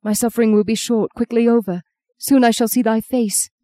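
A woman's voice: fairly high pitch, fairly even intonation, brisk, warm tone, no room sound, voice pushed up, close to an everyday voice. A woman voicing a dying young man praying. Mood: fervent. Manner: anguished, pleading prayer. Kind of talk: audiobook character reading.

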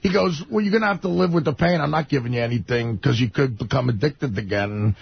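A man, a regular on a radio show, telling a story in animated casual talk, acting out the quotes and laughing through it. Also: mid-range voice, fast, gravelly, slightly rough. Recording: dull lo-fi radio broadcast.

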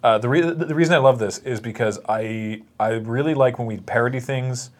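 A man's voice: medium pitch, brisk. A man hosting a casual chat, telling stories animatedly and laughing often. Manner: animated storytelling with acted quotes and laughs. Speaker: podcast host.

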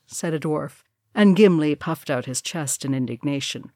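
Female audiobook narrator, low-pitched, measured, dry booth sound. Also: warm tone, dry recording.

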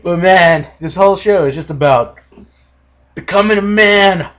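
A young man hosting a casual solo podcast, ranting with animated, exaggerated mock quotes. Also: high-pitched, a little slow. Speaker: podcast host.

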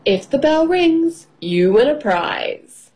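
A woman's voice: high-pitched, very animated, slow, darkish tone, voice pushed up, exaggerated voice, low-quality recording. Woman reading as a jovial, teasing cartoon bull man, hearty. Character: teasing, hearty male bull stall keeper.

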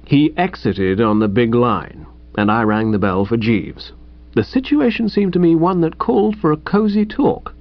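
A man's voice: mid-range voice, very animated, normal speed, no echo. A man reading a comic first-person story in a breezy, chatty way. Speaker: audiobook reader. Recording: dull dry recording.

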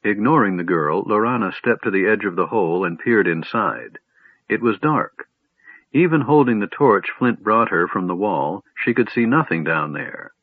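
A man reading fantasy narration aloud in a measured, even storytelling voice. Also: fairly low pitch, husky, dry recording. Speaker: audiobook narrator. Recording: dry tinny phone-like audio.

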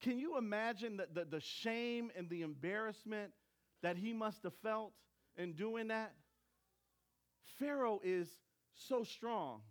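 High-pitched male pastor, lively storytelling sermon delivery. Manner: storytelling, animated, acts out voices.

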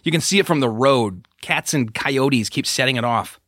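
A man voicing an anxious, cautious teenage boy who talks in a hurried, worried way. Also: medium pitch, fairly bright tone, no room sound, studio quality, close to an everyday voice. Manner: nervous, hurried.

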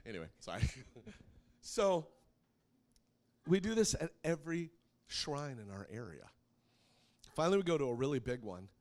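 A middle-aged man preaching a sermon, telling a personal story in an animated way and laughing often. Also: medium pitch, normal speed.

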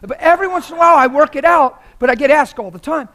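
Preacher guy, really high voice, fired up and pleading with the crowd. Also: animated, quick pace. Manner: impassioned, rising to shouts. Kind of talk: sermon.

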